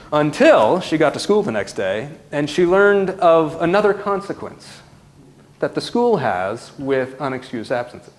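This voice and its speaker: A man who works as a parenting counselor, telling a story to a live audience with animated shifts between loud and hushed delivery. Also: on the high side.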